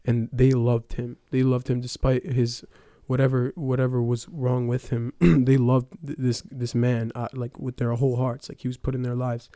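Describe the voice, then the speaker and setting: A young man recounts his personal testimony in a relaxed, rambling way, leaning on fillers. His voice is mellow and smooth, with a fairly flat melody. The sound is close and dry, with no room echo. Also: medium pitch, moderate pace, few pauses. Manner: casual storytelling with many fillers. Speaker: testimony speaker.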